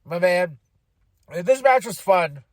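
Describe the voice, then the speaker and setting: Animated man recapping, dry close sound. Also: high-pitched, takes it slowly, no echo. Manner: animated, laughs often, acts out quotes. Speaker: podcast host. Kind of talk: casual wrestling recap.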